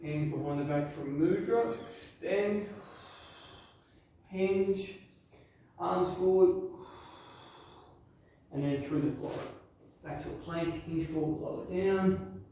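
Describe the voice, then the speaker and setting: A man leading a power yoga class with calm, encouraging step-by-step cues. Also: high voice, takes it slowly, long pauses, very echoey, distant mic, slight background noise, low-quality recording. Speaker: yoga instructor. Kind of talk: guided workout instruction.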